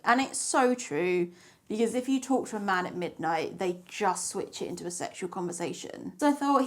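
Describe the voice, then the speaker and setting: A woman's voice: medium pitch, moderate pace. A young woman vlogger telling a dating story in a candid, sarcastic way, swearing casually.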